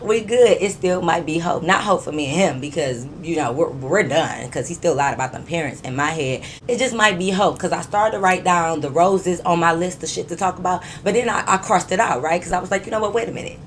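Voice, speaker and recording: A young woman, telling a story to viewers in an animated, emphatic, profane way and laughing often. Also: fairly low pitch, a little fast, hardly any pauses, slight background noise. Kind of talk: casual storytime vlog.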